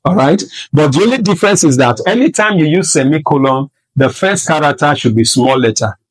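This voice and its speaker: A man's voice: a little high, animated, poor audio. A man teaching a lesson, repeating points and constantly asking if students understand. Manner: checks in often with rhetorical "All right?" and "Do you understand?"; repeats and rephrases points slowly for emphasis. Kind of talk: classroom-style lesson.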